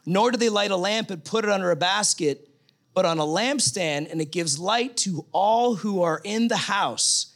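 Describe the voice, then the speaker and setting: High-voiced man preaching a sermon. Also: normal speed, a bit bright. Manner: conversational, emphatic, reads scripture aloud.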